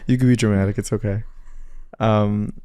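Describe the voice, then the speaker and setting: A man's voice: on the low side, fairly even intonation, moderate pace, a crowd in the background. A man co-hosting an interview, asking questions with frequent restarts and a joking touch. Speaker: podcast co-host.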